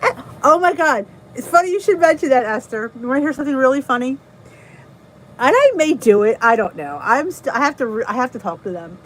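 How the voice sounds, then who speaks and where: A woman's voice: high voice, expressive, brisk, a little hiss or hum, rough recording. A middle-aged woman with a New Jersey accent, hosting a casual live stream, chatting, greeting viewers and laughing at herself. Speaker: channel host reading live chat.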